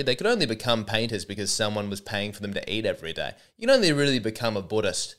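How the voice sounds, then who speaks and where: A man's voice: on the low side, fairly bright tone. A young man hosting a comedy podcast alone, rambling and sarcastic, often mocking himself. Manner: sarcastic, rambling, self-deprecating. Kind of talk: solo comedic monologue.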